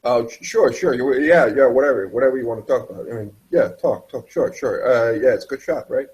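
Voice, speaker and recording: A man's voice: mid-range voice, fairly quick, a little mellow, lo-fi sound, lightly acted. A jittery, blustering chop-shop owner stammers and curses his way through every line, as a man puts him on. He sounds defensive and rattled, in an ordinary mid-range male voice. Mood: nervous.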